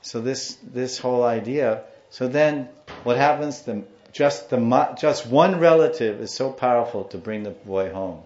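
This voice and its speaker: A man's voice: medium pitch, a little slow, few pauses. A man giving a devotional talk as a spiritual teacher, telling stories and acting out the people in them. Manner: animated storyteller, acts out the people in his story. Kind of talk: devotional storytelling lecture. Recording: dull roomy recording.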